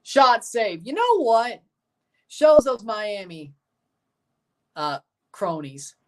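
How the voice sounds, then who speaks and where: A man's voice: very high voice, very animated, very slow. Chatty man hosting a live watchalong. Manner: chatty, reads viewer comments aloud and answers them. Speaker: streamer hosting a match watchalong. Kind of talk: casual live reaction chat.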